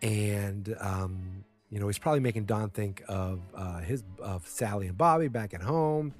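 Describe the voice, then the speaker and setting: Man, low-ish voice, loosely retells a TV episode, many restarts, quick character voices. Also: faint music behind. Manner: rambling, many fillers and restarts; acts out character lines with small voice shifts. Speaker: TV episode recapper. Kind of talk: casual spoken recap.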